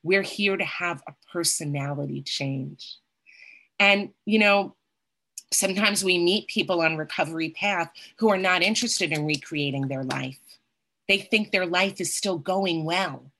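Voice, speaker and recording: Low-pitched middle-aged woman talking earnestly about her recovery, keeps saying right?. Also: measured pace, a bit bright. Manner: earnest, often adds "right?". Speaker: recovery group speaker. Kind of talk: personal recovery talk.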